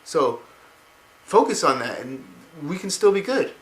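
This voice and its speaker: A man voicing a dying young boy who keeps pleading in a strained, pushed-up high voice. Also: big pitch swings, measured pace, echoey room, low-quality recording. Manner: earnest, pleading.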